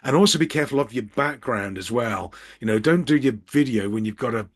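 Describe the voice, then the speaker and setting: Animated and a little fast, the medium-pitched voice belongs to a middle-aged Birmingham business coach offering informal tips to camera from his office. He jokes dryly at his own expense, recorded at eye level with a ring light.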